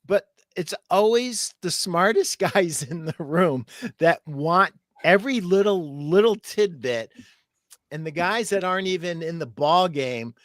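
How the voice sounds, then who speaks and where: A man hosting a casual live video call, making slow, amused remarks. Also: high-pitched, animated, fairly bright tone, dry recording, clean studio sound. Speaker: host. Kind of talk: casual chat.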